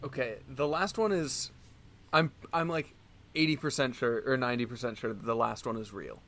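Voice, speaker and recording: Man, podcast co-host, rambling casual chat, lots of filler words, mid pitch. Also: normal speed, fairly bright tone. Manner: rambling, full of likes and restarts. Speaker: podcast co-host and quiz contestant.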